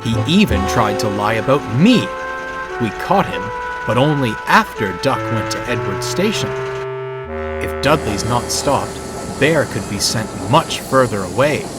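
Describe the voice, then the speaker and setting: Guy doing a stern proper steam engine, slow and serious. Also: medium pitch, big pitch swings, over loud music. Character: proud stern male tender engine.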